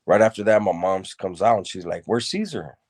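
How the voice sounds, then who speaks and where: A man with a very low, deep voice recounts his own past in an unhurried, conversational way. He talks loosely, leaning on street slang and often repeating himself as he goes. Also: fairly even intonation, darkish tone. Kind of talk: casual spoken storytelling.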